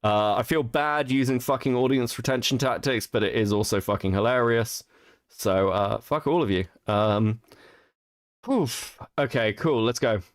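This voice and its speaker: A man's voice: medium pitch, measured pace, no room sound, clean studio sound. A tired man hosting a stream, swearing freely and laughing as he reacts to a clip. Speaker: stream host. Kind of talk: casual reaction commentary.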